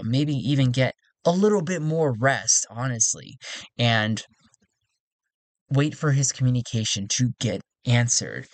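A man's voice: mid-range voice, no echo. A man narrating a solo tabletop role-playing game, thinking aloud as he rolls dice. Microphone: close desk microphone.

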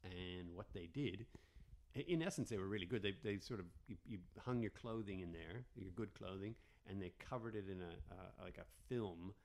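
A man from Canada talks as a comedian guest on a podcast. His voice sits a little low, and he tells his stories in a loose, rambling way, often restarting his sentences. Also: normal speed. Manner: rambling, animated storyteller with frequent restarts. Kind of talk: casual podcast storytelling.

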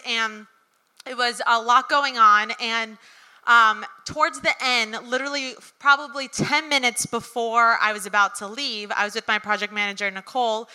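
Bright-voiced young woman telling a story. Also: fairly high pitch, clean tone. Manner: chatty, with frequent ums and likes. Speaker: storyteller at a live event. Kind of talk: live storytelling talk. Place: event venue with audience. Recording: reverberant hall.

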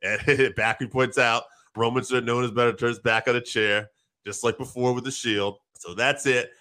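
Bright-voiced man recapping wrestling excitedly. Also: medium pitch. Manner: excited, quick storytelling with acted quotes and profanity. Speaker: wrestling show co-host. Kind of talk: casual recap commentary.

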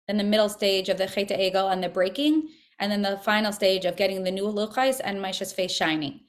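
A woman leading a religious study group, speaking earnestly in a casual, conversational way and repeating words for emphasis. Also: mid-range voice. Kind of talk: casual spiritual teaching and text reading.

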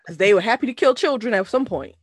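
A woman co-hosting a casual movie review chat, animated and quick to laugh and swear. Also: on the high side, slightly rough, dry recording, studio quality. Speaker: podcast co-host reviewing a movie.

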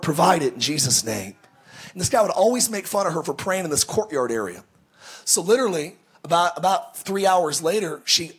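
A male pastor telling stories in a sermon, animated and joking, often stumbling and restarting his words. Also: a little high, breathy edge. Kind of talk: sermon storytelling.

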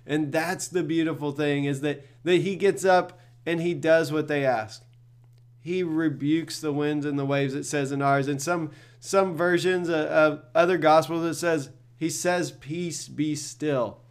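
A man's voice: a little high, steady tone, unhurried, clear, resonant tone. A middle-aged male pastor giving a devotional talk in an earnest, conversational way, often repeating words as he thinks.

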